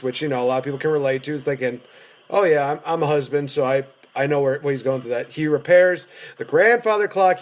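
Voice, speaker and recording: Man, slightly high pitch, excited, laughing, casual chat. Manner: excited, laughing, playful impressions. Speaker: wrestling show co-host.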